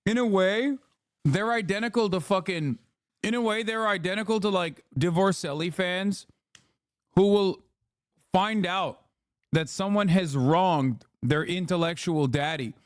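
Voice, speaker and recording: A male streamer riffs on clips in a loose, profane rant, full of sarcasm. His voice sits a little high for a man. The sound is dry and close, with no room around it. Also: no echo. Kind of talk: casual livestream commentary.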